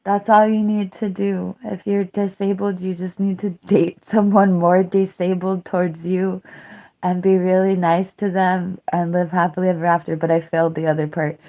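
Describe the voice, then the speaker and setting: A woman's voice: on the low side, little pitch movement, moderate pace, mellow. A woman in her thirties livestreaming a casual monologue, rambling through a story with a self-mocking tone. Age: 30s. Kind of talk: casual live-stream monologue.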